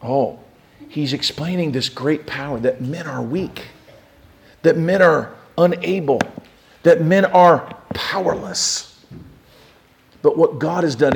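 A man preaching a sermon as pastor, animated, swinging from shouting to hushed tones and declaiming scripture aloud. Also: high voice.

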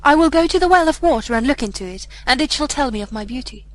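A woman's voice: sits high, lively intonation, fast, low-quality recording. A woman reading the part of a proud, scornful young boy in a storybook, with a haughty, cold delivery. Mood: remorseful.

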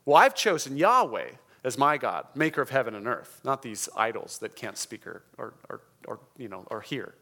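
A man preaching a sermon in a conversational, emphatic way, often slowing down to stress key words. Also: medium pitch, big pitch swings, pushed and bright. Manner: conversational, emphatic, checks in with the congregation. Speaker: pastor.

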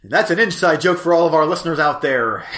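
A man co-hosting a podcast in casual chat, easygoing and quick to laugh. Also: fairly high pitch, lively intonation, a bit bright, slight background noise. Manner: laughs often, easygoing, reflective. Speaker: podcast co-host.

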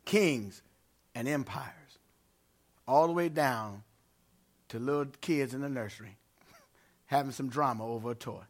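A man preaching a sermon to a congregation in a church, emphatic and growing loud when he quotes scripture. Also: mid-range voice, measured pace, pauses often. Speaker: pastor.

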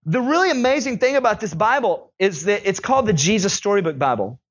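A young male pastor preaching a sermon in a conversational, animated storytelling way. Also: high voice, fast talker, lo-fi sound.

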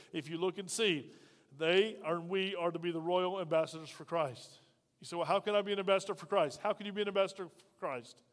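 A pastor preaching a sermon, emphatic and firing rhetorical questions at the congregation. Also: male voice, high-pitched. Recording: long reverb of a large hall.

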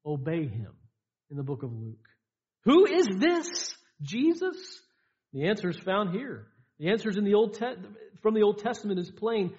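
A man preaching a sermon, emphatic, with repeated lines and dramatic pauses. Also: high voice, a little mellow, highs cut off. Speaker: pastor. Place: church sanctuary.

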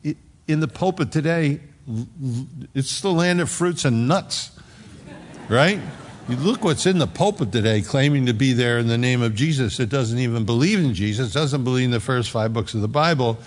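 A man preaching a sermon as a pastor, emphatic, moving between loud passages and hushed ones. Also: mid-range voice, moderate pace. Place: church sanctuary. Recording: long reverb of a large hall.

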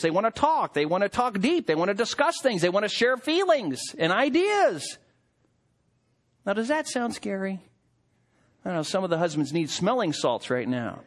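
A man preaching a sermon to husbands, with a joking, storytelling delivery. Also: high-pitched. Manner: humorous, animated storytelling. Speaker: pastor.

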